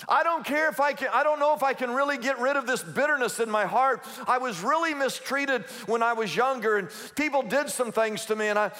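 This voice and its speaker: Preacher doing a worried congregant: high, stammering, pleading, hall reverb. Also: male voice, fairly quick, few pauses, pushed and bright. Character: anxious troubled churchgoer voicing worries, adult man.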